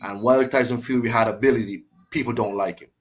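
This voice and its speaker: A man appearing as a guest commentator in a casual discussion, opinionated and quick to laugh. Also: medium pitch, fairly even intonation.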